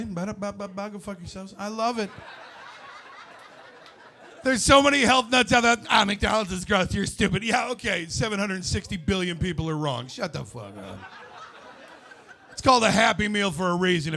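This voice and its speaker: A male stand-up comic on stage, ranting with profane, shouted punchlines. His voice sits high for a man. The tone is bright and cutting. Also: gravelly. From United States. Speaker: stand-up comedian. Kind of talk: stand-up comedy set.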